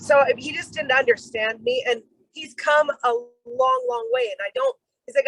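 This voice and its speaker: With a high voice and moderate pace, a middle-aged program member casually relates a personal story on a video call. She animates the dialogue by acting it out and says "like" a great deal. The recording is dry and low quality.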